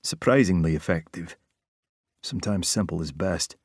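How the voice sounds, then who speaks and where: A man's voice: low-pitched, lively intonation, normal speed, husky, no echo, full character voice. A man with a Scottish accent voicing a suave, flirtatious middle-aged fire investigator with a dry, teasing manner. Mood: measured.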